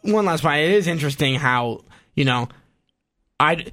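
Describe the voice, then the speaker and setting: A man from Canada co-hosting a sports podcast, chatting casually in animated bursts with quick asides. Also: fairly high pitch. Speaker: podcast co-host.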